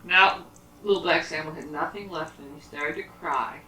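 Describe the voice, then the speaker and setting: A woman telling a children's story aloud to a child at home, animated and asking questions along the way. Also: deep voice, normal speed, a little hiss or hum. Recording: roomy, from a distance.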